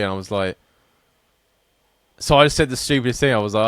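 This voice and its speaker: A man's voice: lowish voice, brisk, a bit bright, clear, resonant tone, no echo. A man co-hosting a podcast, chatting through anecdotes with many fillers and restarts. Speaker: podcast co-host. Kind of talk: casual chat.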